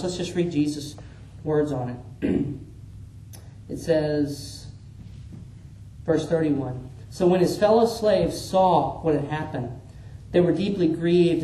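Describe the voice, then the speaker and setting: A man preaching a sermon, animated, acting out the Bible figures in different voices. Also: a little high, a little slow. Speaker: pastor. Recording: echoey room with faint ambience.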